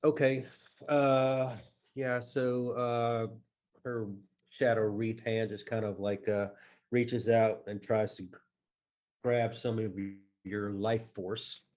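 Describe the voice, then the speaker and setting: A man with an Irish accent, narrating a tabletop game as game master in a halting way with many fillers. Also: medium pitch, flat delivery, darkish tone.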